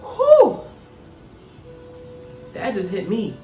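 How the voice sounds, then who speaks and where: High-voiced lady giving an emphatic spiritual pep talk, roomy echo, soft music. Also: normal speed. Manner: earnest, emphatic, repetitive phrasing. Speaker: host. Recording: echoey room, faint music.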